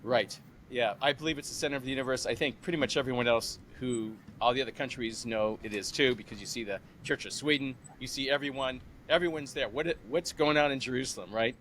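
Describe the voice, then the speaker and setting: A man in his sixties hosts a podcast interview in a casual, chatty way. He tells stories with animated voices for the people in them. A faint background hum sits under his medium-pitched voice. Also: quick pace. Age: 60s. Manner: animated, retells phone calls with lively imitated voices. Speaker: podcast host.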